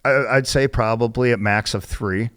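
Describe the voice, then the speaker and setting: A retired Marine guest telling profane, animated war stories in casual chat, full of "like" and "right?". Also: male voice, mid-range voice, moderate pace, clear, resonant tone. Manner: profane, animated storytelling with lots of fillers. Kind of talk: casual storytelling.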